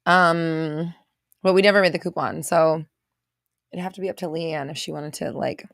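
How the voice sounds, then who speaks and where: A woman's voice: sits low, fairly even intonation, moderate pace, gravelly, no echo, studio quality. A woman hosting a casual livestream, greeting viewers by name and reading out their comments in a chatty way. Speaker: livestream host.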